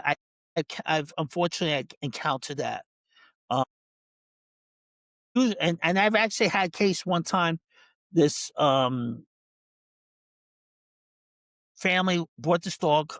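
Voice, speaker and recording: A dog trainer appearing as a podcast guest tells a story in casual conversation, voicing other people's lines along the way. His voice is fairly high and a bit bright, at a normal pace, recorded dry. He restarts often and repeats words.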